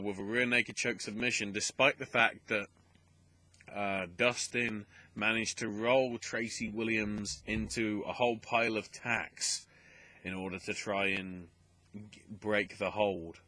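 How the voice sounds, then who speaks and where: A man's voice: fairly low pitch, bright, forceful tone, dry recording. A young man hosting a wrestling podcast, recapping results in a casual, rambling way, with many fillers and asides.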